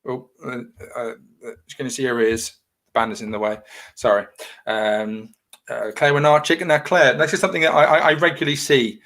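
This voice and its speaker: A man's voice: mid-range voice, fairly even intonation, moderate pace, fairly bright tone. A man hosting a casual livestream, reading viewer comments and talking in a rambling, reassuring, chatty way. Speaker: livestream host.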